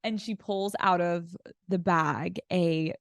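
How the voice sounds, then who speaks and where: A woman guest in casual podcast chat, telling animated stories and acting out quoted lines in different voices. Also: lowish voice, slow, gravelly, no room sound, studio quality.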